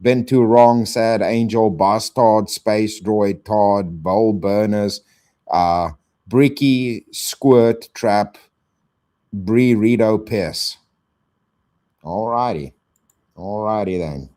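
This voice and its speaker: A man's voice: on the low side, extremely slow, mellow. A man hosting a casual live stream, swearing and thanking donors in slang.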